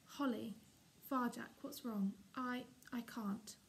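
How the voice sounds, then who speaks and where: An earnest young male cat, torn between friend and family, speaks with quiet pleading, read by a woman. The voice is gravelly and sits a little high. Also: steady tone, slow, a little hiss or hum.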